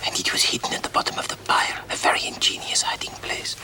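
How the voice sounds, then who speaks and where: An actor playing a fussy, precise detective, speaking formally. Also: male voice, fast talker, whispered, lightly acted. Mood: hushed whisper. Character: fussy, precise Belgian detective, middle-aged man. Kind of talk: television drama acting.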